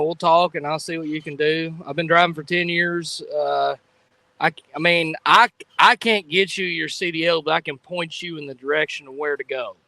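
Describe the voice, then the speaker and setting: A man's voice: on the high side, gravelly, sharp tone, dry recording. A man on a casual sports talk stream, speaking in a friendly, easygoing way.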